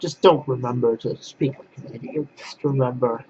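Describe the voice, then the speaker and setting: A man vents bluntly to his webcam, circling back over the same phrases again and again. His voice sits at a middling pitch, and the recording is muffled and lo-fi. A faint hiss runs underneath. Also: moderate pace, darkish tone. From Poland. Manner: blunt, repetitive, restarts phrases. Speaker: vlogger. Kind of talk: casual ranting monologue to camera.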